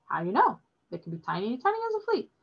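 A woman voicing an earnest immigrant boy who speaks halting, broken English, on a dull lo-fi recording. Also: on the high side, wildly swooping pitch, creaky, husky, pitched above the performer's own voice, exaggerated voice.

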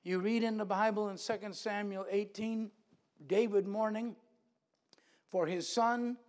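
Male preacher, high-pitched, earnest sermon delivery with repeated phrases, church setting. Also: fairly even intonation, unhurried, a little mellow.

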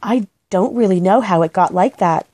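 A woman's voice: medium pitch, normal speed, mellow, no echo, lightly acted. A woman voicing a small, polite young male bear who is meek and earnest, reading a storybook aloud. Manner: meek, crying out in alarm.

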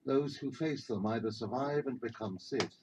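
An actor playing a stern, commanding older male Sith overseer in a video game, speaking in a measured, imperious way. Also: mid-range voice, natural voice. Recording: dull game audio with background noise.

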